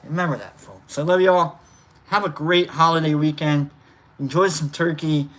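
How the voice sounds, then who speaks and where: A woman's voice: sits low, normal speed. A woman co-hosting a livestream, casually reading out chat names with rambling, playful asides and sudden whoops. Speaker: livestream co-host.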